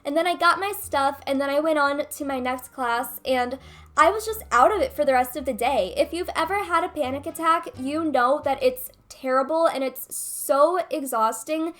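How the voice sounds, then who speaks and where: A woman's voice: sits high, moderate pace, fairly bright tone. A young woman vlogger retelling a personal story in a chatty, casual way with lots of fillers. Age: young adult. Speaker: gaming vlogger.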